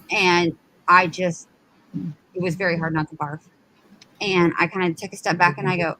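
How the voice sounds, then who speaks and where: A woman's voice: fairly low pitch, steady tone, moderate pace, long pauses, sharp tone, a little hiss or hum, low-quality recording. A woman, telling a personal story in casual chat and acting out quotes. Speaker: live show co-host.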